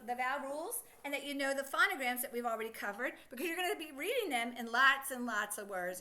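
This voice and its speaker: Middle-aged woman teacher, high and animated, coaxing a child through phonics with encouraging questions.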